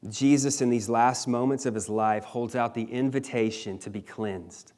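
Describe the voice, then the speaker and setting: A man's voice: medium pitch, fairly even intonation, normal speed, a little mellow. A man preaching a sermon, retelling a scripture passage with emphatic, dramatic storytelling and the odd casual slang aside.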